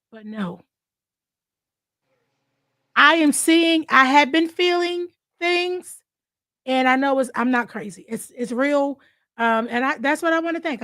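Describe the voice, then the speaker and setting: A woman's voice: sits high, a bit bright, no echo, studio quality. A woman hosting a casual chat show, frank and emotional, with slang and cursing. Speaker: host.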